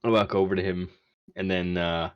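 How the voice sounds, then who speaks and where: A man playing a tabletop game, talking casually in a halting, stammering way. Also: sits low, flat delivery, clear, resonant tone, lo-fi sound. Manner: halting, stammering, many restarts. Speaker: player.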